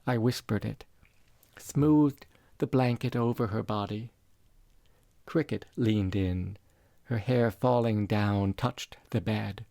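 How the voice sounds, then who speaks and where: A man reading a literary story aloud as narrator, quiet, measured and reflective. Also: on the low side, vocal fry, dry recording, clean studio sound.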